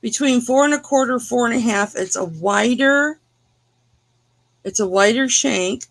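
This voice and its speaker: Woman auction host, chatty and teasing, unhurried delivery, gravelly, dry sound. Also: on the high side, dry recording. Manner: chatty, teasing, talks to viewers by name. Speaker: live jewelry auction host. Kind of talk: casual live-stream selling chat.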